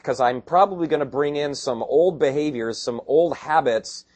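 Husky-voiced man preaching a sermon. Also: mid-range voice. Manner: conversational preaching, swings from quiet to emphatic. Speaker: pastor.

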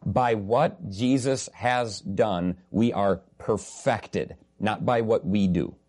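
A man's voice: on the low side, takes it slowly, a little mellow. A man preaching a sermon earnestly and emphatically, repeating key phrases and slipping in humorous asides.

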